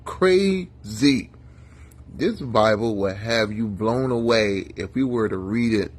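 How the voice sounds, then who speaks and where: A male pastor giving a conversational sermon in a folksy, chatty manner, talking to his listeners by name. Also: lowish voice.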